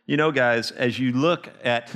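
A man preaching a sermon as a missionary, telling stories with animated emphasis and frequent restarts. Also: mid-range voice, a little slow. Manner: animated storytelling with restarts, rising to emphatic peaks.

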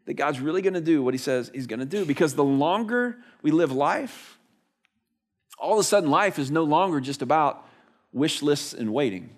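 A male pastor preaching a sermon, telling a story with lively rhetorical questions. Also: a little high, normal speed.

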